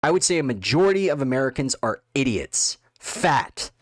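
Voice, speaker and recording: A man's voice: mid-range voice, very animated, normal speed, no room sound. A man delivering an angry, contemptuous political rant, full of insults. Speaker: political commentator. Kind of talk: ranting monologue.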